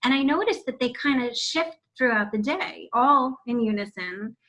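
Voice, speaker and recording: A woman's voice: a little high, lively intonation, normal speed, a bit bright, rough recording. A woman in her forties, a guest on a video-call interview, telling her story candidly with casual swearing and laughter. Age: 40s. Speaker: guest, founder of a wellness center.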